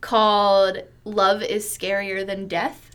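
A woman's voice: medium pitch, flat delivery, slow pace, a bit bright, clean tone. A woman co-hosting a podcast, giggling and eagerly sharing facts from her research in casual chat. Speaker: podcast co-host.

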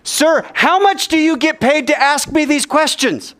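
A man voices an ancient rabbi, pitching far above his own natural voice into an extremely high, exaggerated register with big pitch swings. He speaks slowly with a fairly bright tone, first startled and then boldly answering a guard with wit.

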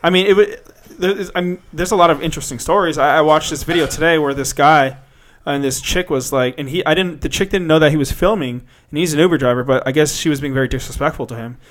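Fast-talking young man, rambling and animated. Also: on the high side. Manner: rambling, animated storytelling with lots of fillers. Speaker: podcast host. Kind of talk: casual chat.

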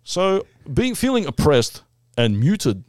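A middle-aged man from Melbourne, co-hosting a casual podcast chat and telling stories with lively quoted voices. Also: a little high, slow, no echo, clean studio sound. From Melbourne, Australia. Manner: animated storyteller, lively put-on voices for quotes. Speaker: podcast co-host.

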